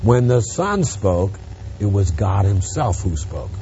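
A man preaching an expository Bible lesson, emphatic, rising on stressed words and dropping quiet on asides. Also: fairly low pitch, big pitch swings, slow pace, muffled recording, slight background noise. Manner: emphatic, swings from loud stresses to quiet drops.

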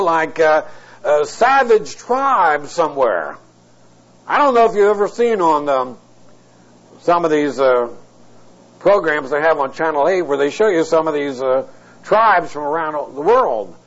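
A high-pitched middle-aged male preacher works through a verse word by word, tossing in wry, blunt asides. The audio is muffled and lo-fi, like an old tape of a sermon. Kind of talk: expository sermon. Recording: dull lo-fi tape recording.

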